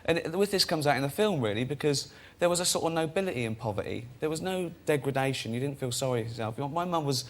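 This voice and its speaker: A man's voice: on the high side, lively intonation, fast talker, few pauses. Man telling self-mocking anecdotes. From England. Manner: self-deprecating, acts out quoted voices, laughs at own stories. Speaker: guest comedian and director. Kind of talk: chat show anecdotes.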